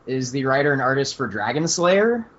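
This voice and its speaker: A man's voice: medium pitch, big pitch swings, moderate pace, fairly bright tone. Laid-back man hosting a podcast. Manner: loose, laughing, filler-heavy. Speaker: podcast host. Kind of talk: casual chat. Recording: dull lo-fi podcast audio.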